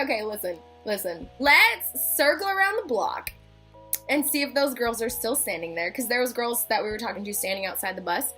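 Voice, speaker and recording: Young woman vlogger, high bright voice, faint music underneath, chatty storytelling. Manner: chatty, fillers of "like", acts out quotes. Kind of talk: casual storytelling.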